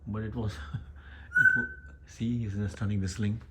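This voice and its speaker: A man from Pakistan with a Pakistani accent, hosting a casual home vlog in halting English full of fillers and restarts. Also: fairly low pitch, huge pitch swings, pushed and bright, slight background noise. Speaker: YouTube channel host.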